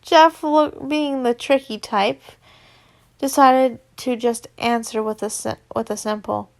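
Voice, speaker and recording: A woman's voice: fairly high pitch, steady tone, slow. A young woman reading a fanfiction story aloud casually, stumbling over words and chatting in asides. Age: young adult. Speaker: fanfiction reader.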